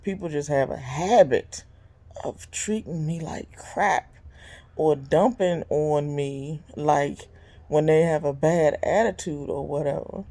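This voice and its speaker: A woman in her fifties, hosting her own vlog, vents in a blunt, casual monologue. She is animated and exasperated, with sudden leaps in pitch and occasional laughs. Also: slow pace. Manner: animated and exasperated, big jumps in pitch when quoting people; blunt and conversational, with frequent laughs. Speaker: vlog host and business owner.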